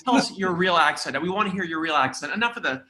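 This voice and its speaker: A man's voice: sits high, expressive, quick pace, echoey room, noisy background. A man, a guest on a video call, teasing his friends in a playful way. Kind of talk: casual chat on a video call.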